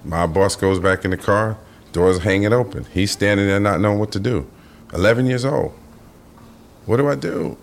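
A man, an actor and podcast guest, telling an animated story full of swearing and acted-out voices. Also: on the low side, fairly quick, slight background noise. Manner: vivid, profane, acts out the characters.

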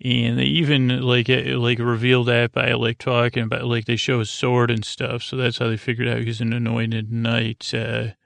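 A man drones through a sleepy recap, his voice level and flat with a gravelly fry underneath. He wanders, restarts and pads his sentences with filler. The sound is dry and close, with no room around it. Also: mid-range voice, dry recording. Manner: meandering, many fillers and restarts; droning, unhurried delivery. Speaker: podcast host. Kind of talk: rambling sleep-podcast TV recap.

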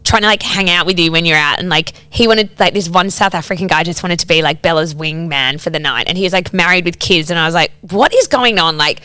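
A woman's voice: fairly low pitch, fast talker, few pauses, sharp tone, smooth, no room sound. A woman, co-hosting a casual podcast chat, sweary and full of "like". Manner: chatty, sweary, heavy use of "like". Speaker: podcast co-host.

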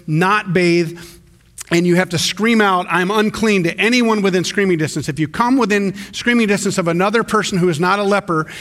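Animated high-voiced pastor preaching. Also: male voice. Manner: conversational, animated, frequent restarts. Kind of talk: sermon.

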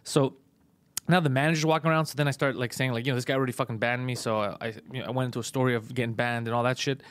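A man casually telling a story on a podcast, fast, profane and animated. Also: mid-range voice, no echo. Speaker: podcast host, comedian.

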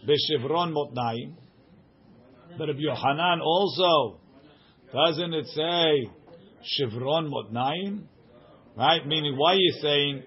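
A man teaching a study group, reading aloud and translating line by line, checking in with "right?". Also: on the high side. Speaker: Talmud teacher. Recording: dull lo-fi recording.

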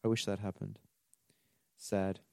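A man's voice: fairly low pitch, level tone, a little slow, gravelly, warm tone, clean tone, dry recording. A man co-hosting a podcast in casual chat, joking and swearing as he rambles about movies. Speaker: podcast co-host.

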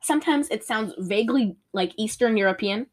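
A woman's voice: mid-range voice, fairly quick. A woman co-hosting a casual movie review chat, rambling and giggly with lots of fillers. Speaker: podcast co-host.

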